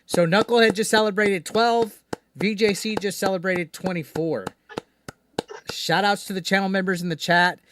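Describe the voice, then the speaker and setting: A man's voice: sits high, steady tone, moderate pace, background noise. Rambling, profane streamer man. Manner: rambling, profane, many restarts. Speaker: streamer host. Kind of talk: casual live-stream chat.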